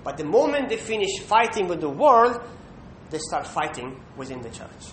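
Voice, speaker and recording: Male preacher, high voice, emphatic sermon delivery, roomy echo with a faint low rumble. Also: sing-song, normal speed, a bit bright. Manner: emphatic, with rhetorical "Hmm?" checks. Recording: echoey room with faint rumble.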